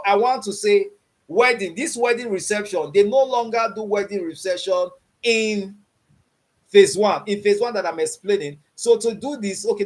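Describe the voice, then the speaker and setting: A man teaching a beginners' coding class online, repeating his checks for understanding and quizzing the learners with open questions. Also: sits high. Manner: repeats "you understand what I'm saying?" and quizzes with "what?". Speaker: coding instructor.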